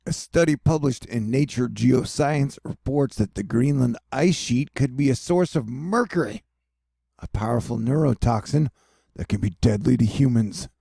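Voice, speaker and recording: A man's voice: mid-range voice, normal speed, creaky, mellow, breathy edge, dry recording, studio quality. A man hosting a casual weather update, rambling along with jokey, self-mocking asides. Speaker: weather news host. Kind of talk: casual weather commentary over maps.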